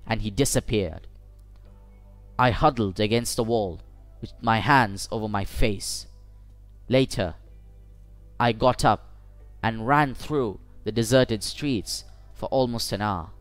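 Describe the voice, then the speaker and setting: Measured male audiobook narrator, dry sound. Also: lowish voice, dry recording, faint music behind. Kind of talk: first-person story narration for English learners.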